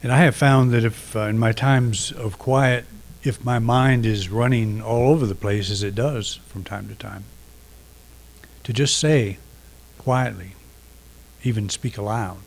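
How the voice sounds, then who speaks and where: Unhurried man giving a reflective sermon. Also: mid-range voice, vocal fry, a little mellow. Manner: reflective, unhurried, with pauses and restarts. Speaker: minister.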